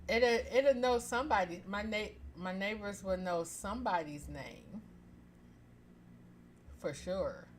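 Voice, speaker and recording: A woman reading a story aloud on a live stream, expressive and chatty, pausing to joke with her listeners. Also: medium pitch, a little hiss or hum.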